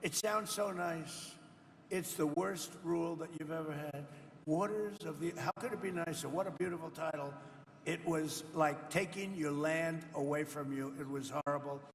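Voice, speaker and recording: A man's voice: on the high side, normal speed, vocal fry, long reverb tail. An older man, a president, giving a rambling off-the-cuff speech to farmers, boasting and turning to the audience with chatty asides. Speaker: president speaking at a farmers' roundtable. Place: indoor roundtable event.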